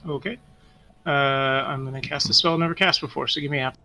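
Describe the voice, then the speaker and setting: A man's voice: mid-range voice, fairly even intonation, fairly quick, sharp tone. A man playing in a tabletop game, thinking aloud hesitantly with lots of fillers. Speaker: player. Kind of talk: casual tabletop game chat.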